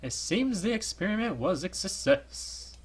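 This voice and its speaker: A man voicing a haughty aristocratic male experimenter from a visual novel, in a lofty, theatrical and hoarse voice. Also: high-pitched, very animated, unhurried, voice pushed up, full character voice.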